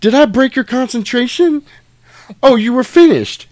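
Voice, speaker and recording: A loud, commanding hitman voice, full of mocking menace, as a man does an impression while retelling a film. The pitch jumps far above a normal speaking register and the delivery is forceful. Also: expressive, moderate pace, no echo. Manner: shouted, mocking, intense.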